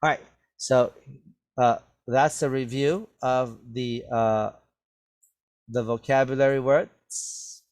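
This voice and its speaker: Teaching an English vocabulary lesson, a man speaks very slowly and patiently at an ordinary middle pitch with fairly even intonation. He keeps pausing to ask "right?" and "okay?" so each point lands before he moves on.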